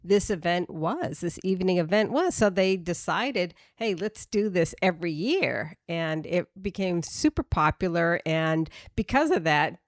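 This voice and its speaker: A chatty woman with a faint Boston accent walks through her research in a relaxed podcast conversation. Her voice sits fairly low, and it is recorded dry and close with no room sound. She talks loosely, with frequent fillers and restarts. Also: no echo. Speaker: podcast co-host presenting research. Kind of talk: casual podcast chat.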